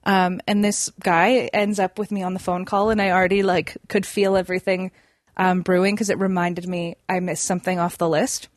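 A woman's voice: fairly low pitch, level tone, normal speed, no echo, studio quality. A young woman telling a story in a casual chat, full of fillers and restarts. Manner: chatty, many fillers and restarts. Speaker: podcast guest.

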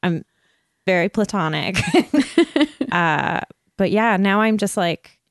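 A woman's voice: mid-range voice, animated, slow pace, no room sound, clean studio sound. A woman co-hosting a podcast in casual chat, talking chattily with frequent giggles. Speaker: podcast co-host.

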